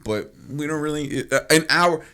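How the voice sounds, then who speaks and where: A man's voice: fairly high pitch, moderate pace, bright, forceful tone, smooth. A young man co-hosting a podcast, telling a rambling story with swearing and bursts of laughter. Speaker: podcast co-host. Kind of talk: casual storytelling chat.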